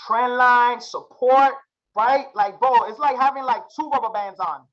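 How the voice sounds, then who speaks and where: A man's voice: very high voice, unhurried, a bit bright, lo-fi sound. A young man teaching a live chart-reading class, slangy and hyped, drilling his students with repeated questions. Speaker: trading instructor.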